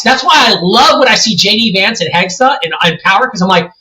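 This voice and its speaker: A worked-up man in his forties launches into an emphatic podcast rant, his voice bright and edged with strain. His pitch swings widely as he pushes each point. The sound carries a noticeable room echo. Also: animated, a little fast, few pauses. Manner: heated, ranting, emphatic. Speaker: co-host. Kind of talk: podcast discussion. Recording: roomy echoey room.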